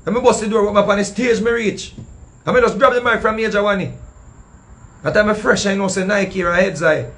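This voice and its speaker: A man with a Jamaican accent telling a story in casual patois, animated and acting out what others said. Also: high voice, brisk. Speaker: storyteller recounting a past show.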